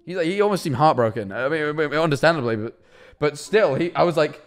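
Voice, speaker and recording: A young man chatting on a live stream from his kitchen, telling a rambling, animated story and answering chat. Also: on the high side, brisk, faint music behind. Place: kitchen at home.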